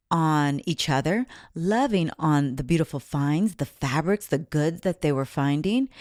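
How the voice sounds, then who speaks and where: Woman, low-pitched voice, casual storytelling vlog, animated and quoting others, dry close recording. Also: no echo. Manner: animated storyteller, acts out overheard quotes in whispers. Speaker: spiritual vlogger.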